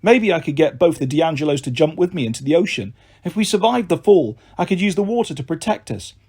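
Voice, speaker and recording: A male audiobook narrator telling a first-person adventure with lively, expressive delivery. His voice sits a little high and carries a faint husky texture. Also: a little fast. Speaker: storyteller.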